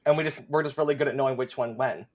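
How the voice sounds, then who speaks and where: A young man chatting as a guest on a live show. He talks in an animated, sarcastic way, swears freely and laughs a lot between points. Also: mid-range voice, rapid-fire. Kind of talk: casual live chat.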